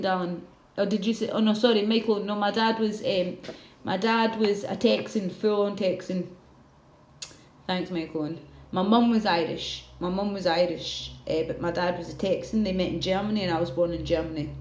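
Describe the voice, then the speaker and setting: A woman's voice: fairly high pitch, darkish tone. Ranting woman streamer, echoey room. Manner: heated, profane, ranting, reading viewer comments aloud. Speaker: livestream host. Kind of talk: casual livestream rant.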